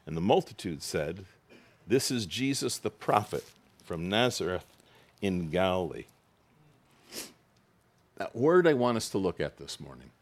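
A man preaching a sermon in a conversational, expressive way, rising high for quoted lines and dropping low for emphasis. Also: a little slow, pauses often. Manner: conversational, with asides and laughs. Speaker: pastor.

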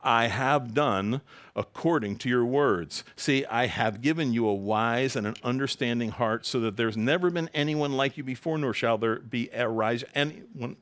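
A man's voice: mid-range voice, normal speed, a bit bright. Man preaching a conversational sermon. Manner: conversational, jokes with the congregation, reads scripture aloud. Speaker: pastor.

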